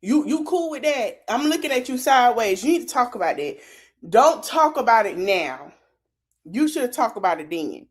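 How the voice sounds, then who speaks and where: A woman's voice: on the high side, sing-song, moderate pace, husky. A woman hosting a podcast, giving sassy, chatty reaction commentary. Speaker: podcast host.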